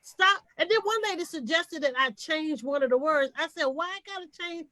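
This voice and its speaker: A woman's voice: high voice, expressive, fairly quick, fairly bright tone. A woman activist speaking emphatically and passionately in a podcast panel over a video call.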